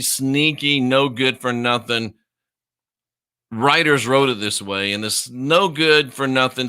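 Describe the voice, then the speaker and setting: A man's voice: medium pitch, sharp tone, clean tone. A man teaching scripture in a combative, mocking way, hammering points with emphatic repetition. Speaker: minister. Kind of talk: confrontational Bible teaching.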